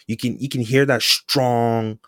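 A man's voice: medium pitch, fairly even intonation, measured pace, fairly bright tone, no room sound, studio quality. A young man from Saint Martin, co-hosting a podcast in casual chat and rambling through lots of fillers and restarts. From Saint Martin, French side. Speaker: podcast co-host.

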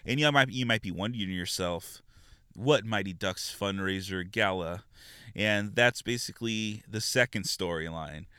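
A man's voice: fairly low pitch, normal speed, sharp tone, smooth, dry recording, studio quality. A man hosting a podcast, giving a rambling, informal recap with lots of fillers. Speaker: podcast host. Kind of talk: casual recap and review.

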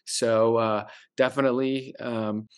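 A man as a guest on a talk show, answering eagerly and haltingly with many ums. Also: medium pitch, flat delivery, smooth, dry recording. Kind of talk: casual interview answers.

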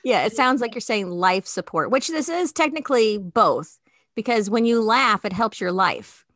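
A woman in her forties from the Chicago suburbs, hosting a podcast in an easygoing chat and quick to laugh. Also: a little high, lively intonation, fairly bright tone, dry recording, studio quality. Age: 40s. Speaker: podcast host. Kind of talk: casual chat.

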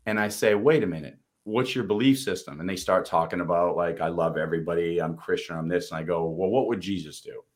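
A man's voice: deep voice, fairly quick, hardly any pauses. A man with a Boston accent co-hosting a motivational podcast, telling stories earnestly in casual speech with the odd swear word. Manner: storytelling, earnest, loose profanity. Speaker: podcast co-host.

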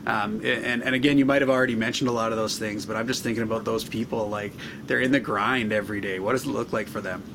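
Encouraging male podcast host, background rumble. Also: fairly even intonation, fast. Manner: warm, encouraging, lots of affirmations. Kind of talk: casual interview chat.

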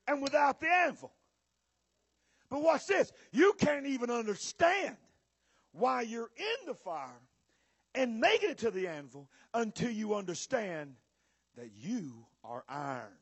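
A male preacher, giving a sermon with bursts of shouting and drawn-out emphasis to a church audience. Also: very high voice, big pitch swings, slightly rough, no room sound. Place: church or conference hall with audience.

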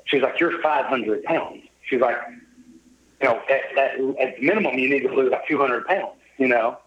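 A cheerful middle-aged man with a drawl, talking at an easy middle pitch. He tells a long personal story and slips into the voices of the people he quotes. The recording is a little dull and lo-fi, like a modest podcast setup. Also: normal speed. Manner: upbeat, jovial storyteller who acts out quoted dialogue. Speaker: podcast guest. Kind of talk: casual storytelling interview.

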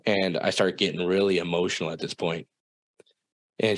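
A young man from South Dakota, a guest telling a personal story in a casual, profane, animated way, acting out the people in it. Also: low voice, moderate pace.

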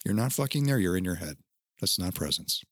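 A man's voice: low voice, expressive, fairly quick, no room sound, studio quality. A man hosting a casual podcast chat, talking in an earnest, teacherly way and swearing now and then. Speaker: podcast host.

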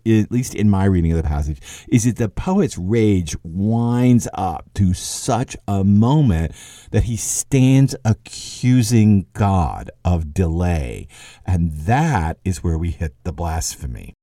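Low-voiced man lecturing wryly on poetry. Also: no echo, studio quality. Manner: animated, wry, quotes verse at speed. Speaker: literature lecturer. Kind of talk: podcast lecture on a poem.

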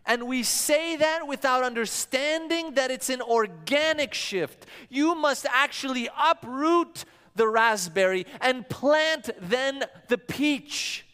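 A male pastor preaches in a high, clear, smooth voice, his words ringing out with a long reverb through a church hall. He tells stories and slips into the voices of the people he quotes. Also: lively intonation, slow pace, few pauses, sharp tone. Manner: storytelling preacher who acts out quoted voices. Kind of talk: sermon.

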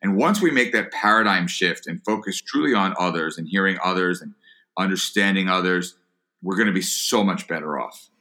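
Man, interview guest, earnest, stumbles and repeats words, low pitch. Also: normal speed, bright, forceful tone. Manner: earnest, repeats words when starting phrases. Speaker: guest, entrepreneur and author. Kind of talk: podcast interview answer.

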